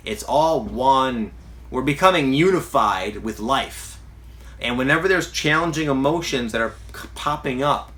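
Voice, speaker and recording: A man's voice: mid-range voice, fairly bright tone. A man giving a casual self-help talk as a spiritual coach, earnest and rambling, with frequent restarts.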